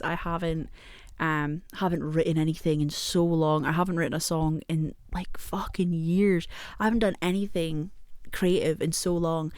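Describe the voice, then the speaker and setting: A young British woman rambles through a loose vlog at home, talking into her camera, swearing often and casually, laughing a lot, and poking fun at herself. Her voice sits a little low for a woman and is slightly mellow and smooth. The sound is close and dry, with almost no room echo.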